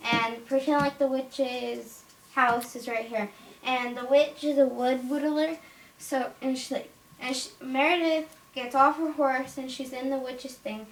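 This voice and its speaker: A woman casually showing a toy playset and rambling through its story. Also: high voice. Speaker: toy reviewer. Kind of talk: toy unboxing and story retelling. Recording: roomy, from far off, faint noise.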